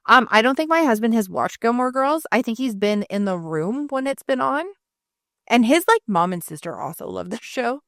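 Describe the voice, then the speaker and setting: A woman in her thirties co-hosting a podcast in casual chat, telling lively stories, playing other people's lines and laughing as she goes. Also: on the high side, moderate pace, dry recording, clean studio sound. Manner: animated storytelling, acting out others with laughs and swearing. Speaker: podcast co-host.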